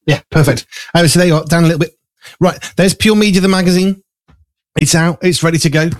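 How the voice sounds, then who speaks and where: A man's voice: on the high side, steady tone, fast talker, dry recording. A man hosting a live studio chat show, rambling with fillers while eating and a bit out of breath. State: slightly out of breath. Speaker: show host. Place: small studio.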